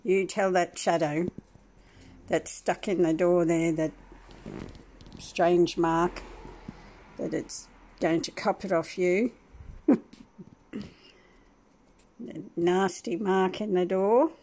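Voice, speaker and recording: Slow, low-voiced chatty woman. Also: steady tone, a little hiss or hum. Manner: rambling, chatty, with frequent soft laughs. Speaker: vlogger. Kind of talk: casual home vlog, talking to her dog. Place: at home indoors.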